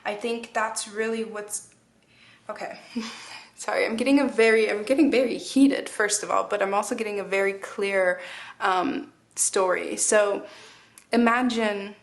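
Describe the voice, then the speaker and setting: A woman's voice: medium pitch, fairly even intonation, unhurried, gravelly. Rambling woman giving a tarot reading. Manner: rambling, many fillers and restarts. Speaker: tarot reader. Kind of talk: casual spoken tarot reading.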